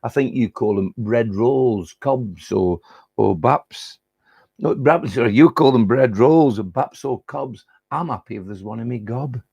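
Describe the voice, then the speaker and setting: A man voicing a cheeky, boastful male butterfly in a put-on Lancashire accent, reciting a comic poem in character with broad dialect and a creaky, husky voice. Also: mid-range voice, measured pace, darkish tone, dry recording, dull audio. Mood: cheeky proud. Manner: chatty and boastful, broad northern dialect words.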